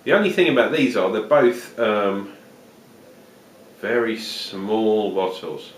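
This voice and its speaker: Putting on an Australian accent, a man chats jokily through a beer review, rambling with plenty of fillers. He speaks slowly in a fairly low voice. The recording is roomy and distant like home video, with a noisy background.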